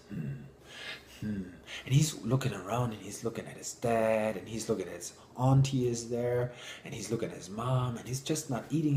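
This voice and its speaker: Animated male speaker in an echoey hall. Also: mid-range voice, a little hiss or hum. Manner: animated, enthusiastic storyteller. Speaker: public speaker. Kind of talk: storytelling talk to an audience.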